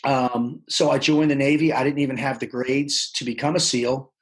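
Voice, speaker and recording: A man telling his life story as a podcast guest, animated, acting out the people he quotes. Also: medium pitch, normal speed, rough recording. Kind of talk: casual storytelling interview.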